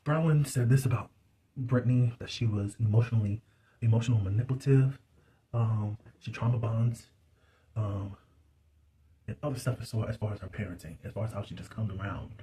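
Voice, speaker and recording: A man recaps a reality show in a loose, gossipy style, laughing often and dropping words like "y'all". His voice is mellow and sits at a middle pitch. A faint ambience hums behind him. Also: slight background noise. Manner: dialect words like "y'all" and "you be". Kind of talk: casual recap commentary.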